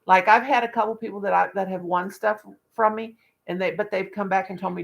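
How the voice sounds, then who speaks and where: An older woman with a deeply gravelly, crackly voice rambles on in blunt, folksy chat. She talks to her viewers and her pet birds while she counts her crochet stitches aloud. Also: fairly even intonation, brisk. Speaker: livestream vlogger.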